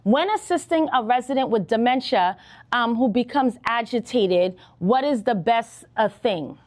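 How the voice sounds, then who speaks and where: A woman's voice: on the high side, a little slow. A woman nursing instructor teaching a live online exam-prep lesson, talking straight to her students and often checking in with "okay?". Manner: animated, talks to students directly, frequent "okay?" checks.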